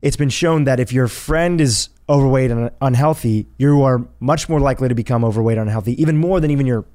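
A male podcast host talks in an earnest, reflective way, often using fillers like "you know". His voice sits at a middle pitch. The sound is dry and close on the mic. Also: quick pace, mellow, no echo. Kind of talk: conversational interview.

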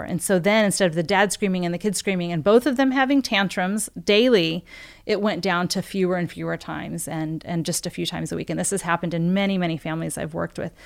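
A woman working as a parenting coach talks through a case in an interview setting. She is animated and acts out each exchange with the parents as she tells it. Her speech is loose and conversational, full of "um" and "like.". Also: fairly low pitch, creaky. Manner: animated storyteller who acts out quoted dialogue, with frequent "um" and "like". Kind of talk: podcast interview storytelling.

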